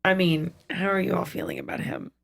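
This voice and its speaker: A woman co-hosting a casual TV recap chat, talking in an animated way and driving her points home by repeating them. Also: lowish voice, fairly quick, vocal fry. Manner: animated, emphatic repetition. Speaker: co-host.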